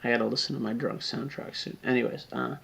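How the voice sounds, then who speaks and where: Drunk man, near tears, gravelly slurred pleading that sinks to whispers. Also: medium pitch, steady tone, fast talker, fairly bright tone. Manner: earnest, pleading, drops to whispers. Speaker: video blogger. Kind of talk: emotional direct-to-camera appeal.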